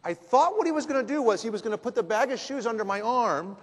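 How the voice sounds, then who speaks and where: High-voiced man telling a story in a hall. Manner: lively storyteller with dramatic pauses. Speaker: business speaker. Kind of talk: storytelling talk. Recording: long hall reverb.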